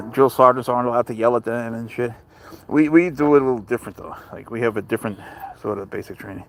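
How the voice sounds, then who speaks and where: A man's voice: mid-range voice, slight background noise. New York-accented man chatting on a livestream. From Spain. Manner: rambling, blunt and profane, greets viewers by name. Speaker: livestream host with pet serval. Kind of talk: casual livestream chat answering viewer comments. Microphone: phone camera.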